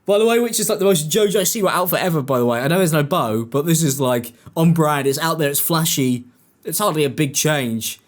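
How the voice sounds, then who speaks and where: A man giving sarcastic commentary, mocking and animated, often jumping into high-pitched impressions. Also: a little fast. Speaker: commentary YouTuber.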